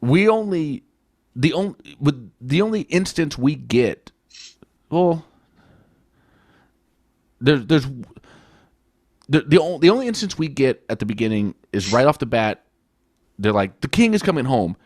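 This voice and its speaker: A man's voice: mid-range voice, lively intonation, measured pace, pauses often, dry recording, studio quality. A man co-hosting a podcast, rambling casually and swearing as he retells plot scenes. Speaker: podcast co-host. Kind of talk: casual film-review chat.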